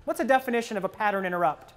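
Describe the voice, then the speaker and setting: A man leads a live presentation-skills workshop, firing questions at the audience and voicing listeners' drifting thoughts in a lower register. He talks at a racing speed.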